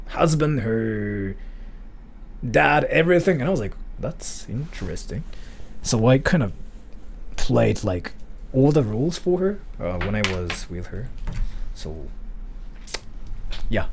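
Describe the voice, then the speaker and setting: Young guy streaming, gravelly voice, bounces all over in pitch, rambly, faint noise behind. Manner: rambling, animated, many "like" fillers. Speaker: livestream host. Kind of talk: casual storytelling chat.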